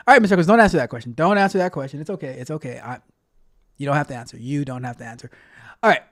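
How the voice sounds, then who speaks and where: A man's voice: a little high, expressive, fast talker. A man hosting a casual tech livestream, chatting with viewers in a playful, repetitive, motivational way. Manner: playful, repeats himself a lot. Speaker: tech coach livestream host.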